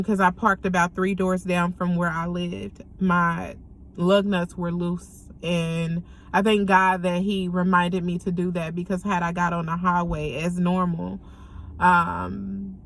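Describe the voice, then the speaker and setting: A young woman giving a candid personal testimony, speaking earnestly and haltingly with frequent pauses and ums. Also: on the low side, flat delivery, a bit bright, a little hiss or hum. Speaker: vlogger sharing a personal story.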